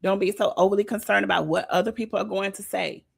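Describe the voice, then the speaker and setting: A woman gives a heartfelt, informal sermon. Her husky, gravelly voice sits at a middle pitch. She repeats phrases for emphasis and keeps a conversational, encouraging tone. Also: fairly even intonation, quick pace. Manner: repetitive, emphatic, conversational preaching. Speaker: speaker leading a devotional talk.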